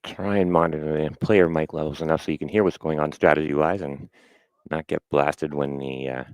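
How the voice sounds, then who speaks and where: A man commentating a curling game, chatty and relaxed, with fillers and a slight breathlessness. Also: rumbling low, fairly quick, no echo, rough recording. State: a little out of breath. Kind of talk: play-by-play sports commentary.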